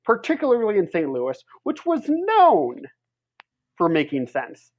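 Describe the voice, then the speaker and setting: A man's voice: high-pitched, huge pitch swings, a little slow. Man, podcast co-host, casual chat, heated rant, swearing, dull lo-fi recording.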